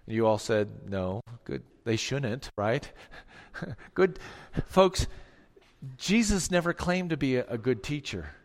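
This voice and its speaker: A man of middling pitch preaches a sermon, pressing his points with rhetorical questions and acting out the lines he quotes. His voice carries a long reverb, as if from a church sanctuary. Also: animated, takes it slowly, pauses often. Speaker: pastor.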